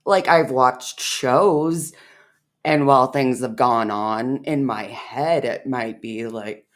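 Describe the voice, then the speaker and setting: A woman's voice: extremely low pitch, takes it slowly. A woman co-hosting a reaction video, speaking in a dry, teasing way. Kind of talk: casual reaction chat.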